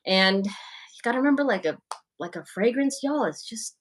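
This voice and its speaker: A woman's voice: on the high side, animated, normal speed, slight background noise. A young woman hosting a livestream, talking casually and frankly as she answers viewers' comments, with plenty of "like" and "you know". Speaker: livestream host.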